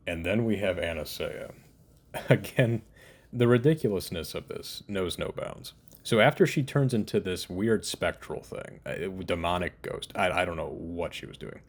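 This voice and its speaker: A man's voice: low voice, expressive, normal speed. A man giving a casual spoken TV review, exasperated and incredulous, often laughing in disbelief. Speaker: TV show reviewer.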